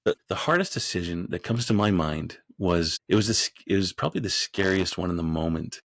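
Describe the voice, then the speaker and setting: A man who is a podcast guest, telling a story in a rambling way with frequent restarts and growing animated as he goes. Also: sits low, fairly quick, vocal fry, no echo, clean studio sound. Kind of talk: storytelling in an interview.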